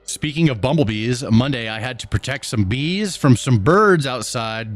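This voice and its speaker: A man's voice: medium pitch, lively intonation, moderate pace, soft background music. A man hosting a live stream, casually reading and answering his chat with easy chuckles. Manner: laid-back, chuckling, talks to chat.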